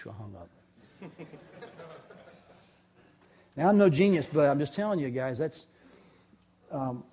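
A man's voice: medium pitch, mellow. A middle-aged man telling family stories to an audience in a candid, folksy, chatty way. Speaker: father giving a talk. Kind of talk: storytelling talk.

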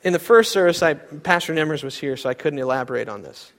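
A man's voice: fairly high pitch, lively intonation, fast, a bit bright. A young adult man preaching a sermon, telling stories with animation and acting out other people's voices. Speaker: pastor.

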